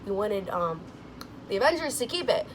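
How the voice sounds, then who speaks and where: A young woman vlogger reviews a movie in casual chat, gushing and excitable, at a moderate pace. She says "like" constantly, laughs and sighs, and swings into squealing, high-pitched quotes. There's a little hiss or hum in the recording.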